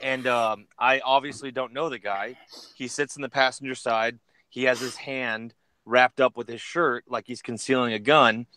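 Male co-host, casual storyteller, animated character voices, dead-dry close recording. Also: moderate pace, clean tone, no room sound. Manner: animated, jumps into high voices for quoted characters. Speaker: podcast co-host.

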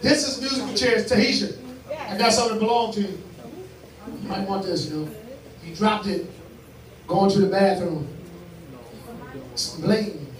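At a live event venue, a high-voiced man from D.C. hosts a comedy show, running a crowd game with a rowdy audience through loud, teasing, profane banter and laughter. He talks at normal speed and pauses often. He's recorded from afar in an echoey room, with the crowd loud.

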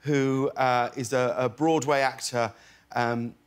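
A British man in his forties, a talk show guest telling stories in halting, animated bursts and acting out quotes. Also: medium pitch, clean tone. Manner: animated, halting storyteller who acts out quotes.

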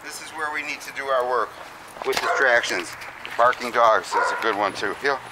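A man working as a dog trainer, giving short commands and calm monotone praise while explaining his training outdoors. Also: mid-range voice, normal speed. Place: outdoors with barking dogs nearby. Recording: noisy outdoor recording. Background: dogs barking.

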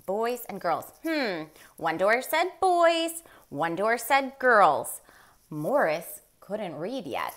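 A woman reading a picture book aloud for a virtual story time, in an expressive, animated way. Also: mid-range voice, takes it slowly.

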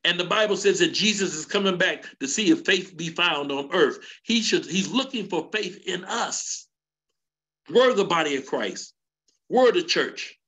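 A middle-aged man, an elder preaching to a men's church gathering in a fervent cadence that climbs into shouts. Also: high-pitched, expressive, measured pace. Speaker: elder teaching a men's session. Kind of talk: sermon.

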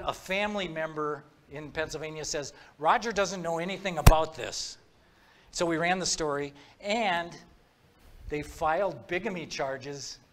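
A man's voice: on the high side, a bit bright. Man telling a true-crime story. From Minnesota. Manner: conversational, with restarts and quoted dialogue. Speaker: author giving a talk. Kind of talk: storytelling talk.

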